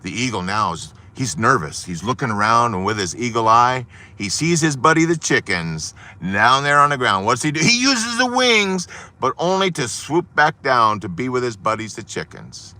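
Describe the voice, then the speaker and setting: A man's voice: medium pitch, normal speed, few pauses. A man in his fifties or sixties, telling a parable in a dramatic, sermon-like way. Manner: animated, dramatic storytelling with hushed moments. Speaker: host giving an inspirational talk. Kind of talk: sermon-style storytelling.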